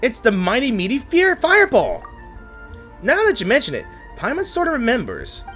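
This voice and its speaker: Gamer doing a squeaky little companion girl, childlike and bouncy, lively up-down pitch, soft game music behind. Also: normal speed. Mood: excited. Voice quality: high, chirpy, childlike. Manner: reads game dialogue aloud in a put-on voice. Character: small excitable female floating companion. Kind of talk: voicing a game character's lines.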